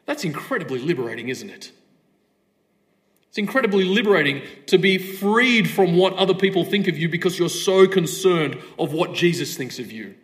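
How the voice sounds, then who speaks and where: A man delivers a sermon with a slightly raised pitch. He presses his points through repeated rhetorical questions and firm stress, addressing the congregation directly. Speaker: preacher.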